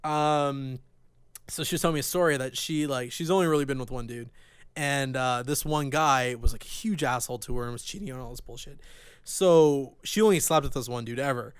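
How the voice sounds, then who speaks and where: A young man co-hosting a crude podcast chat, rambling and swearing, with sudden loud outbursts and trailing mumbles. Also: mid-range voice, brisk, smooth, dry recording. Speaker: podcast co-host. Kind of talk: crude casual podcast banter.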